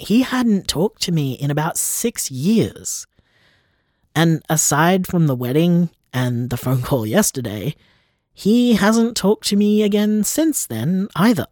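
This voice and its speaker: Guy doing a hurt young man, slow and shaky, voice swings up and down a lot, trails off to whispers, dry close sound. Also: a little high, a little mellow, no echo. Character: hurt young man, shaken by his parents. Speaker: estranged son confiding in his partner. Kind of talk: audio drama acting.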